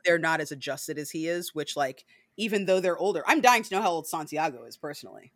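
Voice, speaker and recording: This speaker is a podcast co-host chatting about a book, full of "like" and "right?" and casual swearing. Now and then they jump into high, loud impressions of characters. The recording sounds dry and close, with a middle-pitched voice. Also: fast, dry recording. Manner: animated, swears freely, peppers speech with "like" and "right?".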